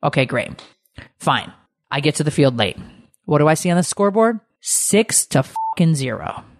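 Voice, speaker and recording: A woman's voice: deep voice, very animated, moderate pace, no room sound, clean studio sound. A middle-aged woman co-hosting a podcast, ranting in a heated, swearing casual chat. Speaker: podcast co-host.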